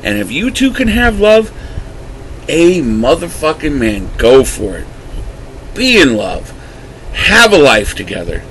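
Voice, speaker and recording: A man's voice: on the high side, huge pitch swings, unhurried, pauses often, fairly bright tone, slight background noise, low-quality recording. A man vlogger delivering an angry, emotional rant to camera, swearing heavily as his voice rises and drops. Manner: heated, swearing, voice rising and dropping.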